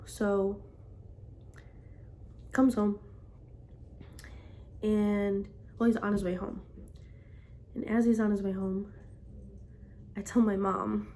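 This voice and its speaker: A woman's voice: medium pitch, flat delivery, slow, long pauses, dark tone. A young woman telling a personal story in a casual vlog, rambling with constant "like" fillers. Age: young adult. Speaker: vlogger.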